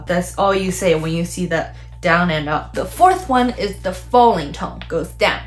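A woman with a Chinese accent teaching Mandarin tones in a casual lesson, explaining slowly and repeating syllables with exaggerated rises and falls. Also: lowish voice.

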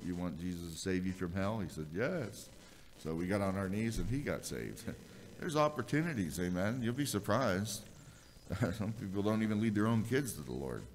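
A man's voice: sits low, a little hiss or hum. A middle-aged man preaching a sermon as pastor, telling personal stories in a folksy way with frequent hesitations. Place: church sanctuary. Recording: long hall reverb.

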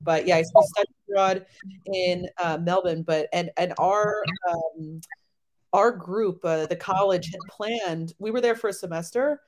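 A woman in her thirties, a podcast guest, telling travel stories in a chatty, animated way with lots of fillers. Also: fairly low pitch, unhurried, rough recording. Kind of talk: casual chat.

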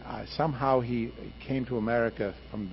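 Heard through faint hiss on a muffled archival radio interview, this older guest, a radio producer and director, is an emphatic, passionate storyteller. He speaks briskly in a mid-range voice with fairly even intonation.

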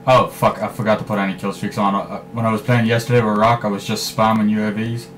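A man giving live commentary over his own shooter gameplay, swearing freely and trash-talking in bursts of excitement. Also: fairly low pitch, fast talker, a little hiss or hum. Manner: profane, excitable trash talk. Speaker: gaming commentator.

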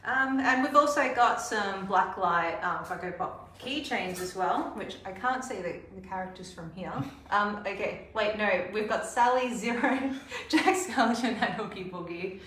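A woman's voice: medium pitch, fairly bright tone. Chatty woman in an echoey room. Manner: chatty, upbeat, quick asides. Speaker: co-host. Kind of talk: live-stream product chat. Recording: echoey room mic from a distance.

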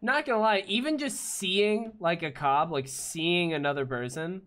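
A man giving live gameplay commentary as a let's play gamer, jumpy and swearing often with loud startled outbursts. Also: high voice, unhurried.

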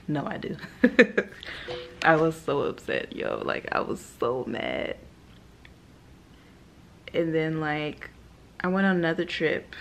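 A young woman, a flight attendant, telling animated stories in a casual vlog, laughing often and quoting people. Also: sits low, gravelly, slight background noise.

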